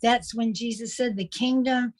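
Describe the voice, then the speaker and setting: Woman, somewhat high voice, earnest and repetitive, spiritual sharing. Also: steady tone, moderate pace. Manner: earnest, repetitive, emotionally open. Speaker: spiritual speaker. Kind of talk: heartfelt spiritual talk.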